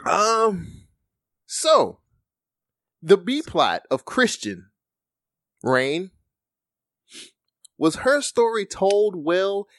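A man's voice: high voice, very slow, pauses often, no room sound. A man co-hosting a podcast, chatting casually about a movie and acting out lines from it. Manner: animated, acts out movie lines in quotes. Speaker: podcast co-host.

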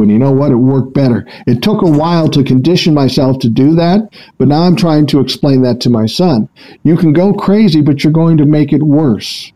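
Calm, measured older man. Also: rough recording. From Minnesota. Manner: calm, measured, low-key. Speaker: podcast guest. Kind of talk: casual chat.

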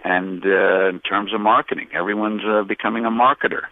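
A man with a very low voice answers interview questions slowly and haltingly, stopping often on filler sounds and restarting his phrases. The sound is thin and phone-like, with no room around it. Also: steady tone, no room sound. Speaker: interview guest, publisher. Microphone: phone line. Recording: tinny phone line, dry.

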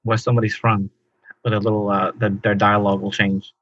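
A man with a New York accent co-hosting a podcast, easygoing and quick to agree. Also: lowish voice, flat delivery, fairly bright tone, dry recording, lo-fi sound. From the Bronx, New York. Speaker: podcast co-host. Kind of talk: casual chat.

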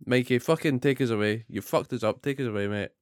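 A man's voice: medium pitch, fast talker, dry recording, studio quality. A man co-hosting a casual wrestling recap podcast, swearing often and ranting animatedly. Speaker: podcast co-host.

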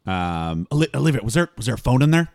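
A goofy man playing a tabletop game, given to yelling in character. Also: medium pitch, big pitch swings, quick pace, no echo, studio quality. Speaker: player. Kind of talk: casual tabletop game chat.

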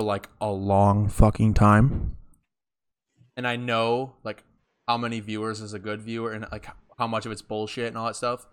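A young man co-hosting a casual podcast, talking in long animated rambles with plenty of swearing. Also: lowish voice, clean tone. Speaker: podcast co-host. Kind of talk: casual chat.

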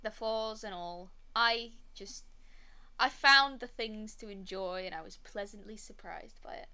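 A woman's voice: medium pitch, a little slow, bright, forceful tone. A woman on a film podcast, giving blunt, emphatic opinions in casual chat. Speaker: podcast co-host.

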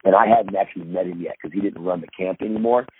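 Over a thin, phone-like connection with a little background noise, a deep-voiced man talks quickly as he spins a long, casual yarn. He's a former pro basketball player appearing as a podcast guest, stumbling through fillers and restarts while voicing other people's words.

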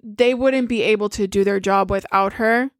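A woman in casual chat, retelling a movie in a lively way, swearing freely and acting out the characters' lines. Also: mid-range voice, normal speed. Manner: animated storyteller, swears freely, acts out quotes.

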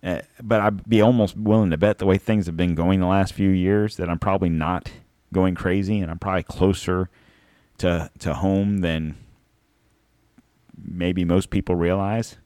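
Male host, deep voice, dry recording; sarcastic off-the-cuff commentary with plenty of cursing. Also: fairly even intonation, normal speed, darkish tone, no echo. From Florida. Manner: sarcastic, rambling, swears freely. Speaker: podcast host. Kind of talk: casual rambling commentary.

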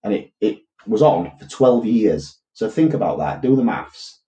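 A man with a very low voice chats casually on a podcast. He tells a story with quick quoted voices, and his mellow, dark tone carries a roomy echo. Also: big pitch swings. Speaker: podcast co-host. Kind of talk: casual chat, retelling a TV episode.

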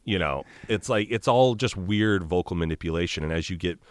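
Low-voiced, rambling male podcast guest. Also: brisk, hardly any pauses, no echo, clean studio sound. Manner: rambling, lots of fillers, jokey. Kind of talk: casual chat. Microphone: video call.

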